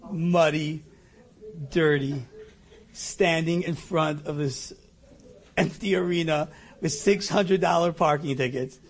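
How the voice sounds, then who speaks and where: A middle-aged man telling a personal anecdote, animated and self-mocking, acting out his own lines. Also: a little high, vocal fry. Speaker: storyteller. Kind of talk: personal anecdote told to an audience.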